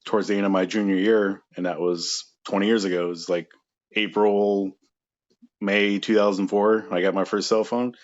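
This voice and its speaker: Brief: male host, 30s, low voice, unhurried, laid-back banter, muffled lo-fi audio. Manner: relaxed, jokey, swears. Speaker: podcast host. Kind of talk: casual interview chat.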